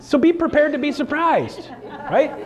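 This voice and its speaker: A man coaching a live seminar audience in an animated, jokey way, acting out quotes in a raised voice. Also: very high-pitched, moderate pace. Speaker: real estate coach. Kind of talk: energetic seminar talk.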